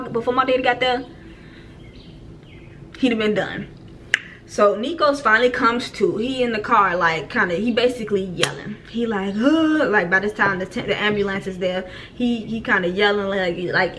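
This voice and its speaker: A young woman telling a storytime vlog in casual, slangy talk, acting out her own frantic shouts when she quotes herself. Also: medium pitch, slight background noise. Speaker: vlogger.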